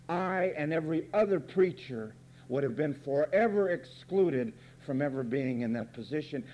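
High, mellow-voiced male preacher, fiery and sarcastic sermon, pulpit delivery. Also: animated, moderate pace. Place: church pulpit.

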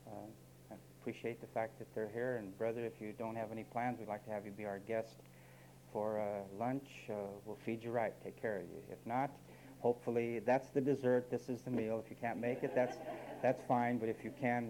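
A male pastor preaching a sermon, blunt and direct, swinging between loud high bursts and low quiet asides and putting questions to his congregation. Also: level tone, a little fast, a little hiss or hum, low-quality recording.

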